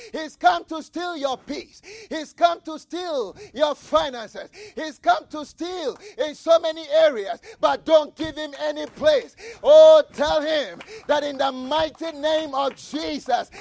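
Man preaching, super high voice, slow and drawn out, shouty repeats. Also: vocal fry, no room sound. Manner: fervent, repeats phrases and shouts for emphasis; reads scripture aloud and comments with asides. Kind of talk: sermon.

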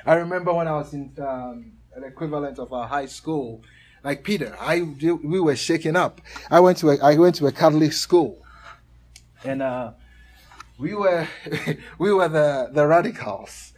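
A man preaching a sermon, reading scripture aloud slowly and emphatically and often chuckling between points. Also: a little high, darkish tone.

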